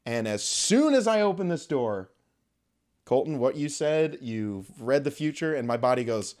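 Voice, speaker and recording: Young man, podcast host, casual storytelling, animated, profane, middle pitch. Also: normal speed, noisy background. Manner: animated, profane, acts out quoted voices.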